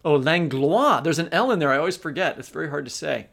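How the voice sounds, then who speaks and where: A man's voice: fairly high pitch, racing, vocal fry, a bit bright. A man hosting a literary podcast, asking questions with playful asides. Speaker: podcast host. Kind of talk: podcast interview.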